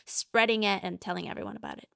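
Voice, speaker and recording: A woman guest speaks with lots of enthusiasm and a casual flow. Her voice has a lot of gravelly fry. The sound is very dry. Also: mid-range voice, very animated, fast, sharp tone, dry recording. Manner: enthusiastic, many likes. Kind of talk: casual interview storytelling.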